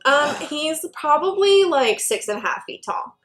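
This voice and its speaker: A woman who works at a game store, telling an animated story in casual chat, full of "like" fillers. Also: sits high, unhurried, background noise. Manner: animated anecdote with many "like" fillers.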